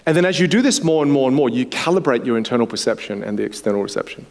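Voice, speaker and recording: A man coaching participants at a workshop, animated and acting out the voices he quotes. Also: mid-range voice, very fast, creaky. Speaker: communication coach. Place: workshop room.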